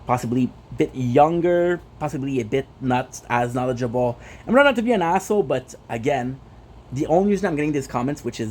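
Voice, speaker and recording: Man, native French speaker, gaming streamer, blunt frustrated rant, swears, warm mellow voice. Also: mid-range voice, lively intonation, fast, slight background noise. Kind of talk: casual ranting vlog.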